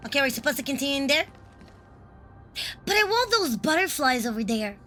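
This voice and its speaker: A woman streamer giving live game commentary, excitable and profane, blurting out reactions. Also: high voice, brisk, pauses often, faint music behind.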